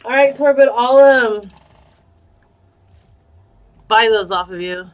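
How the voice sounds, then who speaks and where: A woman's voice: on the high side, slow, highs cut off. A woman live-streaming a giveaway, chatting casually with viewers and reading out their names. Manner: chatty, reads viewer names and answers chat.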